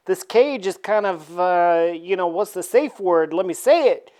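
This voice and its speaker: A woman's voice: fairly low pitch, animated, measured pace, a little mellow. A woman voicing a sleazy, boastful middle-aged man who swaggers and stumbles over fillers.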